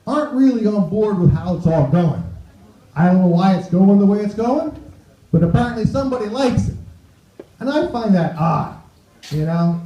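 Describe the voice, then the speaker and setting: On a club stage, a stand-up comedian with a high-pitched, warm male voice chats through his set and tosses asides to the crowd. The recording is roomy and dull.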